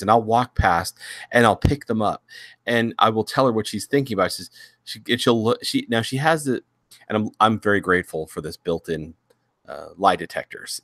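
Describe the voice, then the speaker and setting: Low-voiced middle-aged man rambling. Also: a bit bright, no echo, clean studio sound. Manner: rambling, many restarts, chuckling. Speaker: host. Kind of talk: casual chat.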